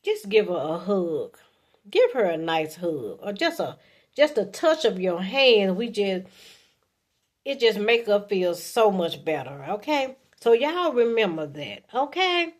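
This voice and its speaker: Her voice swinging widely in pitch at a measured pace, a woman in her fifties vlogs relationship advice to camera in casual, folksy chatter. She often slips in "okay," mimics sweet lines to a partner in a high voice, and coughs from allergies.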